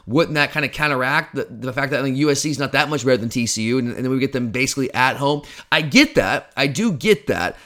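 A man's voice: mid-range voice, expressive, fast talker, few pauses, a bit bright. A man co-hosting a sports podcast, talking casually in a rambling, opinionated way about college football. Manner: rambling, opinionated, self-deprecating. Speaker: podcast co-host.

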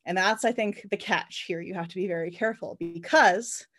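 A woman with a slightly low voice talks through a movie in casual podcast chat. She retells scenes with energy and plenty of filler words. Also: brisk. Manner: chatty, animated retelling with quoted voices. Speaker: podcast co-host.

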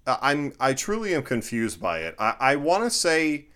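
Smooth-voiced man, halting and sarcastic. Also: medium pitch, wildly swooping pitch, a bit bright. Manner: halting, sarcastic and joking, many restarts. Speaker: podcast co-host. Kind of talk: casual chat reviewing a film.

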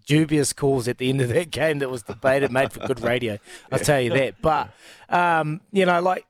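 The recording is dry and the voice fairly high: a Kiwi-accented former rugby player talking casually as a radio guest. Full of enthusiasm, he frequently breaks off and restarts what he's saying.

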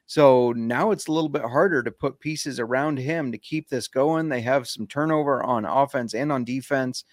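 Male co-host, mid-pitched, steady and opinionated, casual cursing, dry close mic. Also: no room sound. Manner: measured, opinionated, casual swearing. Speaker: podcast co-host. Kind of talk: casual podcast chat.

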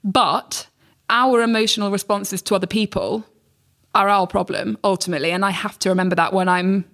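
A woman's voice: medium pitch, steady tone, a little fast, fairly bright tone. Woman, podcast guest, candid and emphatic, rambling delivery. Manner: rambling, emphatic, swears freely, mimics voices in anecdotes.

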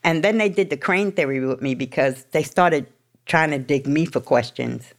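A woman's voice: low-pitched, normal speed. A middle-aged woman from New York, a guest telling her own story in a blunt, swearing, streetwise way. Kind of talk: candid storytelling.

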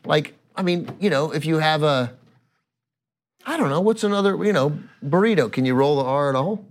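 A man's voice: fairly high pitch, animated, normal speed. Persistent questioning man in casual chat. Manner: persistent, questioning, explains with examples. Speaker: podcast co-host.

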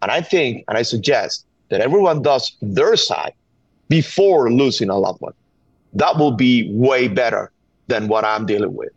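A middle-aged Venezuelan man, a gun violence activist, speaks as a guest on a call-in interview with a Venezuelan Spanish accent. Earnest and urgent, he often repeats words to press a point, his husky, expressive, medium-pitched voice moving at a moderate pace. The remote line is dull and dry with no room sound.

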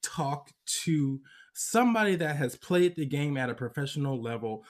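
A man's voice: fairly high pitch, lively intonation, normal speed. A man hosting a sports podcast, chatting casually with his guest and laughing often. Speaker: podcast host. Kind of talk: casual interview chat. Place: US West Coast.

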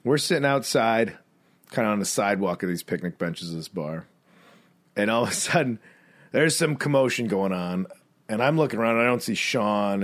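A man co-hosting a podcast in casual chat, telling a rambling bar story and mimicking people in high squeaky voices. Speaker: podcast co-host.

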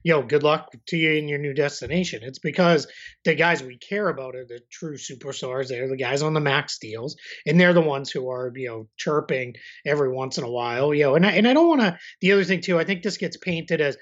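A man chats casually on a sports podcast, rambling and easygoing as he circles his point. His voice sits a little high for a man. The audio is slightly dull and lo-fi. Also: lively intonation, brisk. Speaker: podcast co-host. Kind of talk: casual basketball podcast chat.

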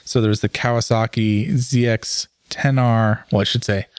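A low-voiced man in his thirties talks loosely on a show. He wanders through fillers and restarts. The sound is dry and close. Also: steady tone, a little slow, smooth, dry recording. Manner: rambling, many fillers and restarts. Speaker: podcast co-host. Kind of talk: casual chat.

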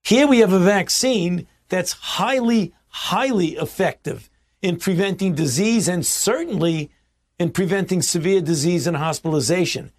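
An older man speaks in a fairly high voice, sounding emphatic and exasperated. He trips over his own repeated words as he presses his point. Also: normal speed. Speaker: public health official. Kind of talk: press remarks.

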